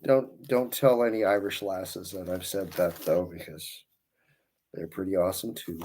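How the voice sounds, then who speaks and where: Low, a little mellow, and fairly even in intonation, this man's voice runs at normal speed over a faint hiss or hum. He's a balloon twister on a livestream, casually greeting viewers by name and rambling through friendly asides while his hands work.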